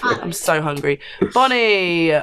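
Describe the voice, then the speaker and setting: A woman reads viewer comments aloud at an easy pace and breaks into frequent laughs. Her pitch swings widely between lines. Faint noise sits under the recording. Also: animated, takes it slowly. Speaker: co-host reading viewer comments. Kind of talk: casual chat.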